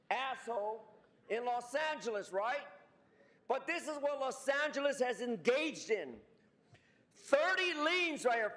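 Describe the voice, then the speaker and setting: A very high-pitched man delivers a public comment at a city council meeting. He rants, shouts and hurls insults and profanity, switching between Spanish and English. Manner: loud, ranting, shouting at times.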